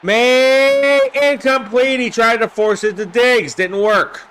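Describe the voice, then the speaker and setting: A man hosting a live game simulation stream, calling plays with excitement, shouting on big plays and chatting with viewers by name. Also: high voice, measured pace. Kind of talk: live play-by-play commentary with chat replies.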